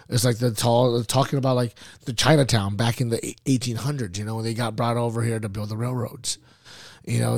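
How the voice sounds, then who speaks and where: A man's voice: medium pitch, gravelly, dry recording, studio quality. A man hosting a casual podcast, rambling and swearing, with lots of "like" and "you know". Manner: loose, rambling, swearing, says "like" a lot. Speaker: podcast host.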